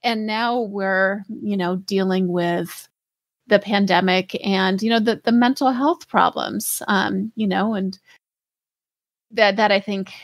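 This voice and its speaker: A woman of middle pitch co-hosts a casual podcast. She speaks thoughtfully and from the heart, pausing to find words. The recording is dry. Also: steady tone, no echo. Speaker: podcast co-host. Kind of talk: casual chat.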